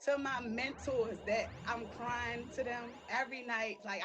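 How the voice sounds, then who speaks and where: A woman's voice: fairly high pitch, fairly even intonation, a little slow, a bit bright, slight background noise. A woman reading a prepared acceptance speech for a streaming award, emotional and near tears. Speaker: live-stream creator receiving an award.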